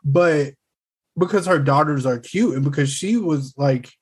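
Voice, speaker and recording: A podcast co-host in a casual reality-TV gossip chat, animated, laughing often and swearing freely. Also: medium pitch, measured pace, husky.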